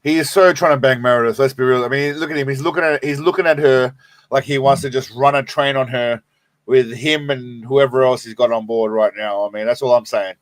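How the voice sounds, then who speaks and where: A man's voice: medium pitch, fairly even intonation, fairly quick, no echo. Crude, joking man hosting a stream. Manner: crude joking, laughs often. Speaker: livestream host. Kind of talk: casual reaction commentary.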